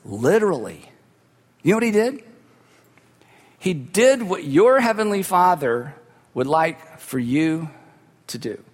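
A man's voice: on the high side, very animated, takes it slowly, pauses often. A man preaching a sermon as a pastor, telling stories in a conversational way with humorous asides. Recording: long hall reverb.

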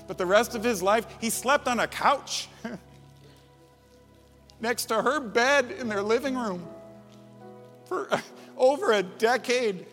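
A male pastor with a notably high voice delivers a sermon, swinging between hushed reflection and loud, emphatic declarations. His voice carries a long hall reverb, with soft music underneath. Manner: builds from quiet to loud emphatic preaching.

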